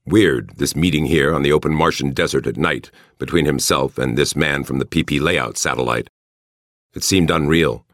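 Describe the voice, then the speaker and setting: A man narrating an audiobook in a measured, expressive way. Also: very deep voice, no echo, studio quality. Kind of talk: scripted narration.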